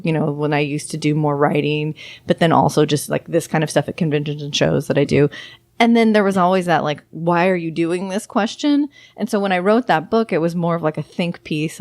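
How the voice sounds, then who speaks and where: A woman's voice: low voice, no echo. A woman guest, an academic author, talking frankly and candidly in a casual interview, swearing casually.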